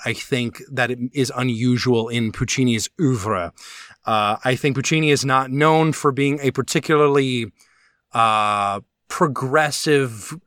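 A man's voice: mid-range voice, fairly bright tone, dry recording. Chatty man with a dry, close sound. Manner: enthusiastic, rambling with frequent restarts and fillers. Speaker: podcast co-host. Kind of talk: casual chat.

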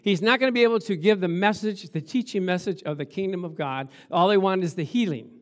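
A man with a high, light voice preaches a lively sermon. He acts out scenes as he goes, rising and dropping his voice and breaking into laughs. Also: a little fast. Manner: animated, acts out Bible scenes, laughs often. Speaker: pastor.

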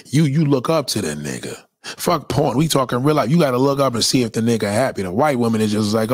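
A man's voice: medium pitch, expressive, quick pace, no room sound, clean studio sound. Blunt, profane man lecturing. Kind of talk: opinionated monologue.

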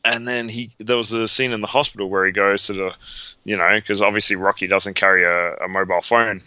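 Bright, crisp-voiced man chatting. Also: fairly low pitch, fairly even intonation, brisk, no echo, lo-fi sound. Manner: emotional, enthusiastic, repeats words. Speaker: podcast co-host. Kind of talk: casual chat.

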